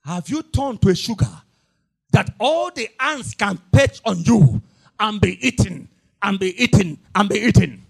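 A middle-aged man preaching a fiery sermon. He repeats his lines, swings from hushed to shouting in a sing-song cadence, and bursts into tongues. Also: high voice, expressive, a little slow, vocal fry, breathy edge.

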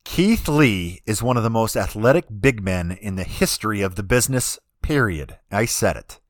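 A man co-hosting a casual podcast, ranting in an animated way and often restarting his sentences. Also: on the low side, normal speed, no room sound, clean studio sound. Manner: animated, ranting, talks over himself with restarts. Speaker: podcast co-host. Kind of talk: casual chat.

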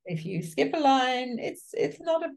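A woman casting director talks through her work as an interview guest. Her delivery is animated and conversational. She laughs easily and acts out the reactions of the actors she describes. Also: high-pitched, measured pace, creaky.

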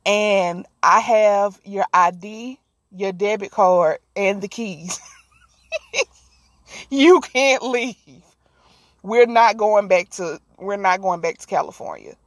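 A woman voicing a creepy, controlling young wife, speaking low and eerily calm. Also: takes it slowly, dry recording, natural voice.

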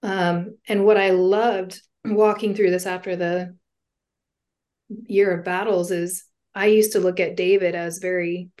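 Woman, interview guest, faith testimony, earnest, heartfelt, casual fillers, lowish voice. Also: little pitch movement, unhurried, a little mellow.

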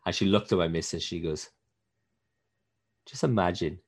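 Male podcast co-host, low voice, animated, swears a lot. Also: quick pace. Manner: animated storytelling, swears freely. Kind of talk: casual chat.

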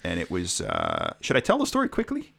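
A man's voice: low voice, huge pitch swings, brisk, vocal fry, a bit bright, slightly rough. A man co-hosting a podcast, telling stories in a wry, joking casual chat. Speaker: podcast co-host.

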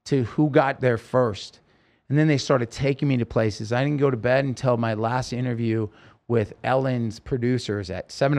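A man, a podcast guest, telling a personal story in a halting, emotional way with many restarts. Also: medium pitch, creaky, a little mellow.

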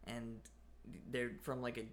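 A man's voice: medium pitch, flat delivery, unhurried. Young man, casual and laid-back, filler-heavy rambling chat, faint noise behind. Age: young adult. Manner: laid-back, full of "like" fillers, laughs often. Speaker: college student.

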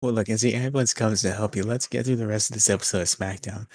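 Deadpan low-voiced young man recapping. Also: quick pace. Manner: dry, deadpan, steers the recap. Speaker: podcast co-host. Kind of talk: casual wrestling recap.

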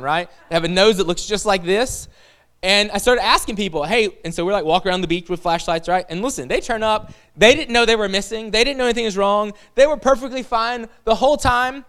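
A man's voice: sits high, brisk, a bit bright, clean tone. A man in his thirties preaching a casual sermon to a live audience, telling a personal story in a chatty, self-deprecating way full of "like" and "listen".

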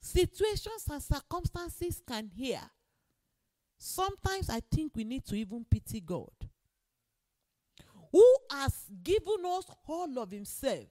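A woman's voice: high-pitched, big pitch swings, slow pace, dark tone. A woman preacher delivering an emphatic sermon and repeating key phrases for weight.

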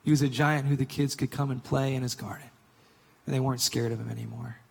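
A man preaching a sermon, telling and reading a story in an earnest manner that swings from emphatic to hushed. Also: mid-range voice, steady tone, fast, gravelly, breathy edge, long reverb tail. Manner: earnest, builds to emphatic reading then drops to hushed whisper.

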